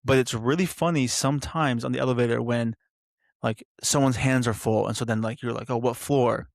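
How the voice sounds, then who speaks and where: A man's voice: medium pitch, steady tone, a little fast, vocal fry, dry recording, clean studio sound. A young man hosting a solo podcast, rambling and interrupting himself with lots of fillers. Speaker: podcast host.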